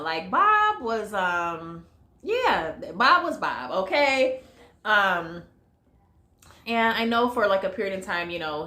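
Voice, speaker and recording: A woman's voice: fairly low pitch, bright, forceful tone, echoey room. A woman giving a casual vlog movie review, chatty and full of fillers, talking straight to her viewers. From United States. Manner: chatty, lots of fillers, addresses viewers as y'all.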